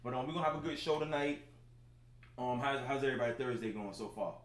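A man's voice: mid-range voice, fast. A man in his thirties hosting a casual livestream from home, talking loosely to his viewers with lots of filler phrases. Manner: laid-back, talks straight to chat viewers, lots of filler phrases. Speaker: livestream show host. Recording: roomy sound with faint background noise.

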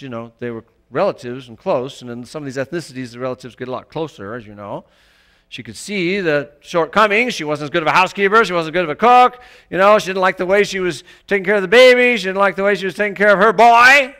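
A male pastor preaching a sermon in church, emphatic, rising to loud peaks. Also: sits high, fairly quick, clear, resonant tone.

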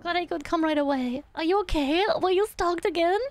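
A woman's voice: very high-pitched, brisk, no echo. A woman reading as a caring young woman. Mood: reassuring.

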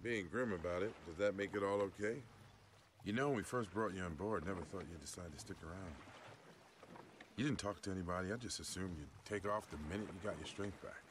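An actor playing a weathered middle-aged boat captain in a video game, low and gruff, teasing and gently probing. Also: male voice, fairly quick, noisy background, lightly acted. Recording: game audio under loud music.

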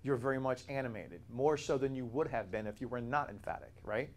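A man leads a Bible study, explaining with steady emphasis and taking questions from his students. His voice sits at an ordinary middle pitch. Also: a little fast. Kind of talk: classroom Bible teaching.

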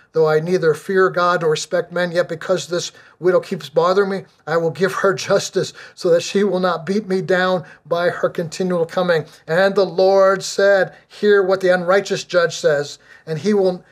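A middle-aged male pastor delivers a sermon in a slightly raised voice. He moves between reading scripture aloud and urging his listeners on with earnest, repeated lines. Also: sits high. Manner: earnest preaching with repeated emphatic refrains.

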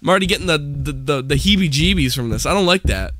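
A young man doing gameplay commentary for a horror game, jumpy and excitable, swearing a lot. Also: a little high, fast talker, background noise. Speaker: gaming YouTuber.

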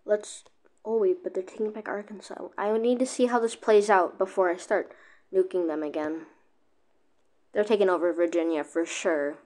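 A woman giving casual, excitable gameplay commentary, often breaking off mid-sentence to react. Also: medium pitch, normal speed. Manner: excitable, keeps cutting herself off with "wait". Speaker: gaming video creator.

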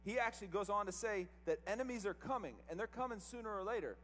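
High-voiced man preaching in a reverberant church. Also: animated, fast, a bit bright, a little hiss or hum. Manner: emphatic, rhetorical questions to the congregation. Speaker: pastor. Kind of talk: sermon. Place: church service.

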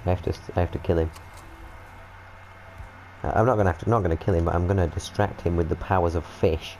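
A young British man commentating on his gameplay in a lowish voice, excitable and full of swearing and jokes. He jumps from mutters to yelps as the game goes wrong, with faint background noise behind him. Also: fast talker, low-quality recording. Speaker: gaming video host. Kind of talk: let's-play commentary.

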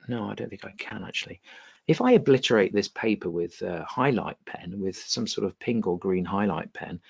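A man's mid-range voice, gravelly with a breathy edge, comes through with the highs cut off. He's an exam tutor teaching a revision webinar online, lively in manner and regularly asking the class if everything makes sense.

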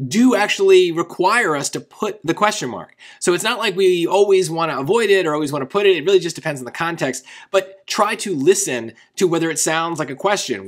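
A man's voice: a little high, a bit bright. A man tutoring for a test, explaining a grammar question in a loose, conversational way, often checking in with "right?". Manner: conversational, rephrases often, asks "right?" for agreement. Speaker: SAT tutor.

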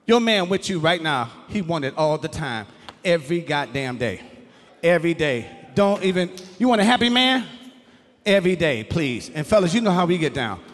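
A middle-aged male stand-up comedian on stage, loud and profane, breaking into shouted bits. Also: high-pitched, in a large hall. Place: comedy stage before a live audience.

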